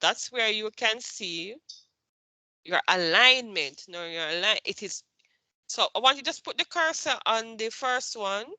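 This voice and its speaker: A woman's voice: medium pitch, expressive, measured pace, pushed and bright, no echo. A woman instructor teaching a computer class, asking questions and repeating her points patiently.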